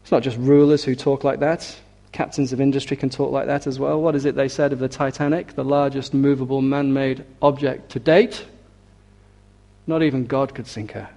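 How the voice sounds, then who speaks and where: A man preaching a sermon, reading scripture slowly and building to forceful, emphatic declarations. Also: medium pitch, flat delivery. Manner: reads scripture aloud with slow weight.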